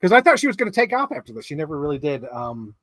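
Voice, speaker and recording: A man co-hosting a casual film chat, excitable and chatty, leaning on "like" a lot. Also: a little high, very fast, no echo. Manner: chatty, leans heavily on 'like', excitable. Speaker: co-host. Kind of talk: casual chat about films.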